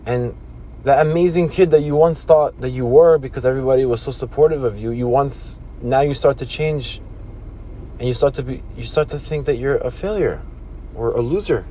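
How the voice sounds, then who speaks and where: Medium in pitch and mellow, this man's voice moves at a moderate pace over a little hiss or hum. As a motivational podcast host he comes across earnest and repetitive, with many restarts, and he mimics scolding voices in quotes.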